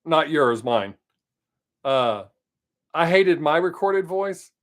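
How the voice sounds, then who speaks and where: A man with a Southern accent and a fairly high, lively voice rambles casually while hosting a live stream from his home. He says he tries to talk fast.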